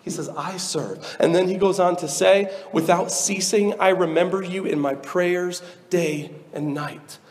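Young male preacher, high-pitched and earnest; echoey sanctuary, light room noise. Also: measured pace, few pauses. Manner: earnest, conversational preaching with rising emphatic exhortations. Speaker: pastor. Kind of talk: sermon. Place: church sanctuary. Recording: echoey church hall with reverb.

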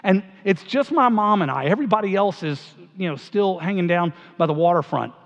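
A middle-aged man with a higher-than-usual voice delivers a eulogy as a pastor, and his tone is casual and humorous. The sound is muffled and dull, and a long reverb trails after his words in a church hall. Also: lively intonation, brisk. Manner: conversational, humorous storytelling. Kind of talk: memorial eulogy storytelling.

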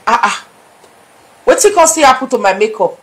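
A middle-aged Nigerian woman blogging to her viewers, her voice sitting a little high. She talks in a chatty, scolding way and drifts between Pidgin and English as she lectures. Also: expressive, normal speed, a bit bright. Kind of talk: casual vlog commentary.

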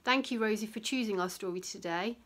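With a mid-range voice and a brisk pace, a woman who teaches primary school reads her class a rhyming picture book in a gentle, storytelling way.

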